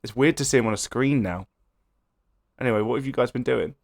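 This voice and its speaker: A man's voice: medium pitch, a little fast, gravelly, a little hiss or hum. A man on a comedy podcast, flustered and teasing and often giggling. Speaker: podcast co-host. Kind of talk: casual comedic chat.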